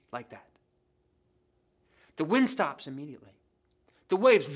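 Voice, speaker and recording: A woman's voice: on the low side, a little hiss or hum. A woman telling a Bible story to children in a playful, dramatic way, full of slang and jokes. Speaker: children's ministry leader. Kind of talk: animated Bible storytelling for kids.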